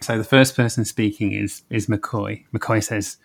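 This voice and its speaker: A man's voice: lowish voice, fairly even intonation, unhurried, gravelly. Hesitant man in casual chat. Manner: hesitant, many ums and repeats. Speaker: podcast co-host.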